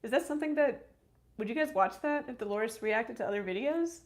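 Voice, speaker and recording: A woman hosting a relaxed live stream, reading out comments from her chat and answering each one. She talks in an easy, chatty way, with small fillers and thanks in between. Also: a little high, a little fast.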